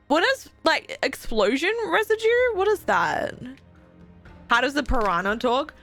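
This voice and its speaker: A woman's voice: high voice, unhurried, soft background music. A young woman streaming a video game, chatting casually and animatedly with her viewers. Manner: chatty, animated, swears and laughs often. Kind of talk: casual live-stream commentary.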